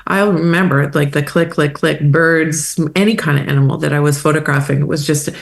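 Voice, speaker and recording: A woman from Canada, a wildlife photographer, talking as a guest in a casual interview, animated and emotional, laughing often. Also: low-pitched, brisk, creaky.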